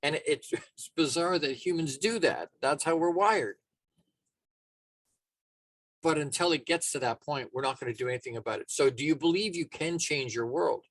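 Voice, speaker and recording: A man's voice: a little high, normal speed, dry recording. A man giving a motivational talk as a life coach, casual and emphatic, often restarting his sentences.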